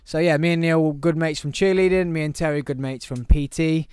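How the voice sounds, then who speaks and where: A man's voice: a little high, steady tone, a little fast, darkish tone, clean tone, no room sound. A young man hosting a casual podcast chat with friends, rambling and laughing at his own jokes. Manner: giggly, rambling, jokey. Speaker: podcast host. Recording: dry close headphone-mic studio sound.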